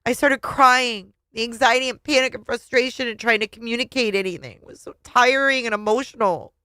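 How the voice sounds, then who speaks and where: Her voice sits a little high and moves fast as she reads a memoir with feeling, slipping in remarks as a reviewer. There's no room sound.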